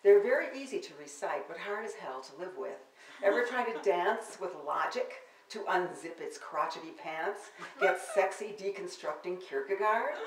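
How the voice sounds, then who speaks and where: A woman's voice: fairly low pitch, a little hiss or hum. An older woman, a poet, giving a public reading of her verse with wry, theatrical delivery and spoken asides, in a bookstore. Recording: roomy, distant live-event recording.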